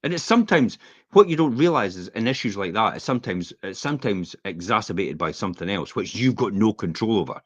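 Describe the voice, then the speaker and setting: A middle-aged Scottish man chatting on a podcast, spinning rambling stories and slipping into other people's voices. His lowish voice swings widely up and down as he talks. The sound is dry and dull, like a modest lo-fi recording. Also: brisk, breathy edge, no room sound. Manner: rambling, animated storyteller who acts out quotes. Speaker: podcast co-host. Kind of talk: casual chat, anecdotal storytelling. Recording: dull, slightly lo-fi podcast audio.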